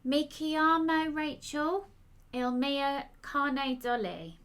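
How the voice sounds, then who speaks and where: A woman voicing a flustered London woman apologising to her neighbour, speaking loudly with over-enunciated words and halting broken Italian. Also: sits high, pitched above the performer's own voice, exaggerated voice. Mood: apologetic.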